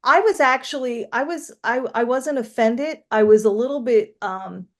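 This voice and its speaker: A woman's voice: a little high, normal speed. A middle-aged woman with a Delaware County accent, a former radio broadcaster chatting frankly as a guest on a video call and laughing often. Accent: Delaware County, Pennsylvania. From Philadelphia area, USA. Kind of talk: casual interview chat.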